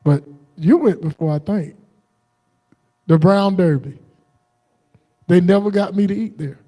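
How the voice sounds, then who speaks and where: A man's voice: high-pitched, unhurried, mellow. A man preaching an informal sermon, telling folksy stories and acting out what people said. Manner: folksy storytelling with laughs and acted-out quotes.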